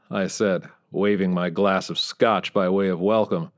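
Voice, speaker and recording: A man's voice: low voice, fairly even intonation, measured pace, few pauses. Man with a wry first-person narration. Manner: wry, dry storytelling with dark humor. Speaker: audiobook narrator.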